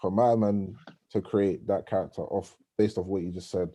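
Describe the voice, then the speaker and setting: A man's voice: deep voice, steady tone, normal speed, warm tone, slightly rough. A man co-hosting a podcast, bantering in laid-back slang. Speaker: podcast co-host. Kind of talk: casual chat.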